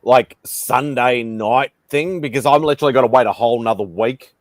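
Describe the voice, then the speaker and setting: A man's voice: mid-range voice, moderate pace, no echo. A man chatting casually on a panel, hesitant and rambling with many fillers. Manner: rambling, hesitant, lots of ums. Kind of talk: casual online hangout chat.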